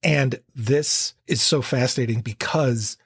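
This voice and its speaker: A man co-hosting a casual book-club podcast, speaking in a relaxed way with wry, dry-humored asides. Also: medium pitch, unhurried, husky. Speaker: podcast co-host.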